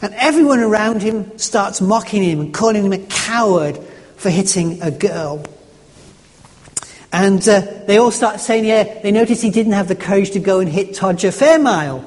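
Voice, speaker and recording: A man preaching a sermon, telling a story in an earnest, halting way with frequent restarts. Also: sits high, a little mellow. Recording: echoey hall.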